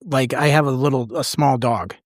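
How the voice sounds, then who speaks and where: Relaxed podcast host sharing an anecdote. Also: mid-range voice, moderate pace, dry recording, clean studio sound. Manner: relaxed, relates through personal anecdotes. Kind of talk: casual conversational interview.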